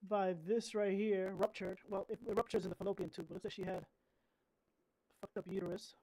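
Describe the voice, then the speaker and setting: A woman's voice: mid-range voice, steady tone, brisk, dark tone, poor audio. A woman streaming a game, giving casual commentary in a blunt way and swearing freely.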